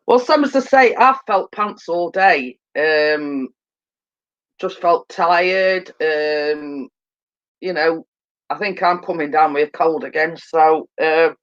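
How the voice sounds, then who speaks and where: A woman's voice: deep voice, slow pace, muffled recording. A woman hosting a casual livestream, tired and coming down with a cold, rambling with lots of fillers and repeated phrases. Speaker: livestream host. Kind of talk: casual chat. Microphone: phone.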